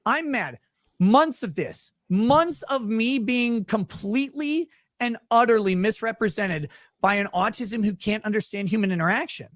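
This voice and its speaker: A man's voice: sits high, expressive, normal speed, no room sound. A man ranting heatedly on a livestream, exasperated and swearing constantly as he defends himself. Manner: angry, exasperated, swearing heavily.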